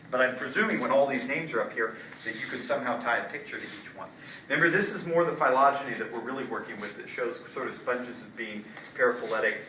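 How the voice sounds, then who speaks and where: A man lecturing a class in a casual, conversational way, tossing out questions and checking in with his students. His bright, forceful voice carries from a distance, heard in an echoey lecture hall with a faint hum behind it. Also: mid-range voice. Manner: casual, quizzing students with frequent "right?". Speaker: college zoology lecturer. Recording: roomy lecture hall from far off, light noise.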